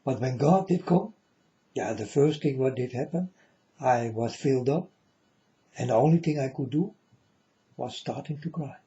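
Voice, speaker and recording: A man's voice: mid-range voice, mellow. A man speaking to his viewers in a casual spiritual monologue, repeating himself and often checking whether the listener understands. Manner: slow, repetitive, keeps asking the listener "you understand?". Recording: dull lo-fi recording.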